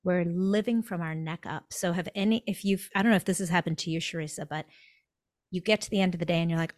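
A woman's voice: lowish voice, quick pace, no room sound, studio quality. A woman speaking as a podcast guest in a conversational interview, telling stories animatedly and acting out little quotes. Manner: animated storytelling, acts out quotes. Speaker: podcast guest, dentist and coach.

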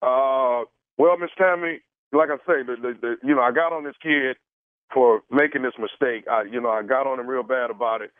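A man's voice: medium pitch, normal speed, dry recording, lightly acted. A man playing a stammering apologetic caterer. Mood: sheepish. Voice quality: hesitant, stammering with many uhs. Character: fumbling male caterer, apologetic and evasive. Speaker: radio prank caller. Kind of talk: prank phone call. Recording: tinny phone line.

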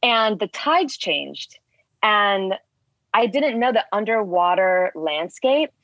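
A woman's voice: medium pitch, takes it slowly, dry recording. A woman casually telling a diving story, rambling with lots of "like" fillers and acting out what was said. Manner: rambling with many "like" fillers, animated retelling. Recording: dull dry lo-fi sound.

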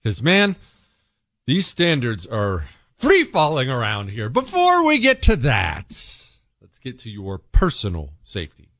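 A middle-aged man hosting a talk radio show, telling stories in an animated, emphatic way with self-mocking asides. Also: medium pitch, unhurried.

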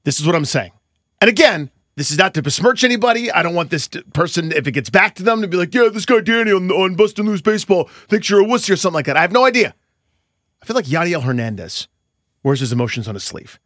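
A man's voice: high voice, lively intonation, fast, a bit bright, no echo, studio quality. A man co-hosting a sports podcast, wisecracking and self-deprecating. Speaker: podcast co-host. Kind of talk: casual sports podcast chat.

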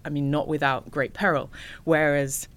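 A woman, an ocean rower, telling stories as a guest in a casual interview, animated and laughing often. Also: sits low, normal speed.

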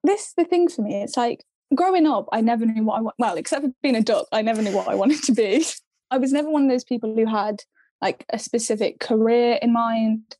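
A woman's voice: fairly high pitch, brisk, warm tone, dry recording. A young woman from northern England, a guest chatting casually and giggling often about her craft. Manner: giggly, chatty, self-deprecating. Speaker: guest, egg decor maker. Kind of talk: casual chat.

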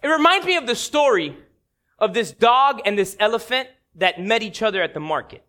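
A male preacher giving a sermon, dramatic, stretching key phrases and dropping low and slow on them. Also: lively intonation, pushed and bright.

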